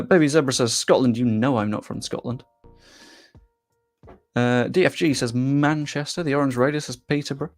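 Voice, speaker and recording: A young man from England with a faint Yorkshire accent, casually chatting on a live stream and reading out viewer comments in a self-deprecating way. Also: mid-range voice.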